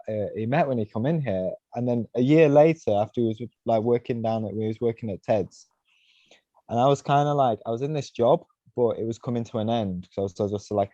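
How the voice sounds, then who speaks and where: A man's voice: medium pitch, dark tone, dry recording, muffled recording. A man being interviewed on a podcast, telling long, rambling stories and leaning on "you know" and "right?" as he goes. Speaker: podcast guest, mountainboarder. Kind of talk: casual storytelling.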